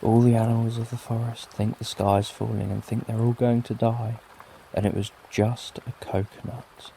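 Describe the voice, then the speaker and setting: A man's voice: medium pitch, little pitch movement, normal speed, gravelly, slight background noise, natural voice. A British man voicing a flustered storybook monkey. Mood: sheepish. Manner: insistent, then flustered and sheepish. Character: foolish excitable male monkey, later humble. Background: soft rain.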